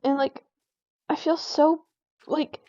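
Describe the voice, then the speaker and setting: This gaming vlogger, a teenage girl with a high, warm voice, complains casually as she plays, taking her time and keeping her tone level while "like" fills her rambling. Her exasperated venting sounds dry, roomless, and somewhat dull, suggesting a lo-fi home setup.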